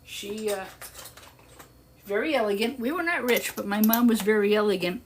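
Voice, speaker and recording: A woman's voice: mid-range voice, normal speed. An older woman hosting a live stream, telling a long story in a casual, chatty way and laughing often. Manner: chatty, laughs often, animated when quoting others. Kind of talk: casual storytelling while working. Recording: clear background noise with clicks.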